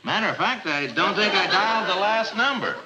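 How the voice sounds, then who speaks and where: A stammering sitcom husband. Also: male voice, sits high, expressive, a little fast, lo-fi sound, crowd noise. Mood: embarrassed. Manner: stammering, full of hesitations. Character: flustered middle-aged judge husband. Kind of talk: 1950s TV sitcom acting. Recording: old TV soundtrack with studio audience laughter and hiss.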